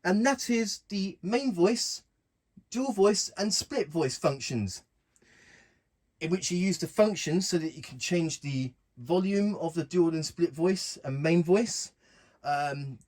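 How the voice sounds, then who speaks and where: A man casually walking through keyboard functions in a relaxed, plain way, talking while he presses buttons. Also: sits high. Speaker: keyboard tutorial host. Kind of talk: casual instructional walkthrough.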